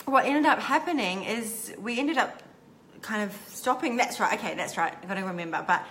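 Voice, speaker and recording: A woman coach telling a candid, heartfelt personal story to camera, often pausing with "um" and "like". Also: mid-range voice, expressive, fairly bright tone. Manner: halting, many "um" and "like" restarts. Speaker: intimacy coach.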